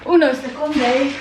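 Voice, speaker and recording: This is a young woman, a vlogger, in casual chat about her day, frequently laughing and poking fun at herself. Her voice is high, with a little hiss or hum in the audio. She's recording in an echoey home kitchen where things clatter.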